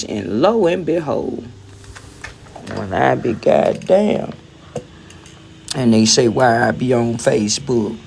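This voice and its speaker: Gravelly-voiced woman ranting on a livestream. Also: lowish voice. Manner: blunt, rambling, repeats herself. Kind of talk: casual livestream rant.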